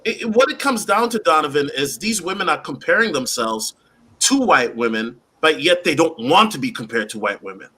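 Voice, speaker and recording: A man speaking as a panelist on a livestream, animated and often addressing the host. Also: fairly high pitch, fairly quick, slightly rough.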